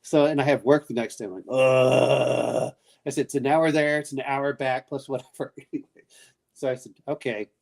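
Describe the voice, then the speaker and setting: Late at night, a man with a steady, brisk, slightly mellow medium-pitched voice chats about his family. His stories wander, he often starts over, and he performs the quoted lines himself.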